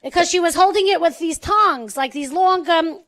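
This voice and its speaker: A high, bright, squeaky-voiced American woman chatting away on a charity livestream. She is bubbly and talkative, with a voice that stands out, and she laughs easily. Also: normal speed. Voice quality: squeaky, distinctive voice. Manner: chatty and bubbly, laughs often, says "you know what I'm saying". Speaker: co-host of a charity auction livestream. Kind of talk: casual chat.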